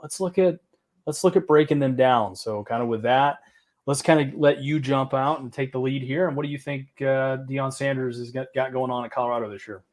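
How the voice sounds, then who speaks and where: A man's voice: medium pitch, fairly even intonation, fairly quick. A man with a Southern accent hosting a casual sports podcast, talking in a laid-back, rambling way with casual swearing. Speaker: podcast host.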